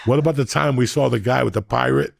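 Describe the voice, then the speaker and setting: A male podcast host swapping loud, crude road stories with guests. His mid-pitched voice has a gravelly rasp. The recording is dry and close. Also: fast talker, no room sound. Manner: boisterous, crude storytelling. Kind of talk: casual podcast chat.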